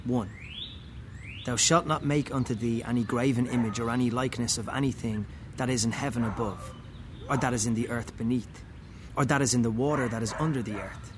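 A man reading a first-person story aloud, slow and wry, with muttered, dry asides. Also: medium pitch, background noise.

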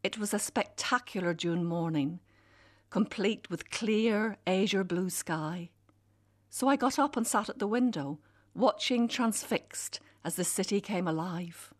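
A middle-aged woman reading her own personal essay aloud, in a wry, animated storytelling manner. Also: on the low side, unhurried.

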